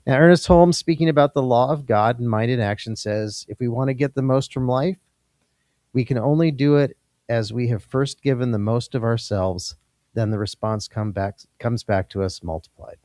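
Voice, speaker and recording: Calm man leading a church offering. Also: mid-range voice, moderate pace, dry recording, studio quality. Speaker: service leader. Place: church sanctuary.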